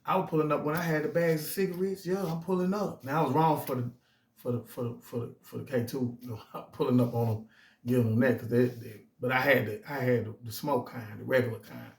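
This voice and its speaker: A man's voice: medium pitch, fairly even intonation, quick pace, gravelly. A middle-aged man telling his own story in casual, emphatic street slang, often restarting his phrases. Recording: roomy echo.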